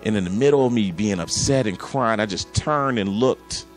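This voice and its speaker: A man's voice: on the low side, moderate pace, soft background music. A man in his thirties preaching a sermon, telling an emotional personal story and acting out his dialogue with God. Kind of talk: sermon testimony.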